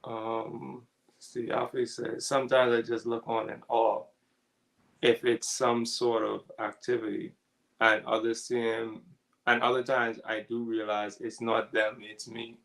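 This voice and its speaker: Gravelly, laid-back man with a chuckle. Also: mid-range voice, measured pace, poor audio. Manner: relaxed, laughs often, reads out chat comments. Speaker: co-host of a ministry talk. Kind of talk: casual spiritual discussion.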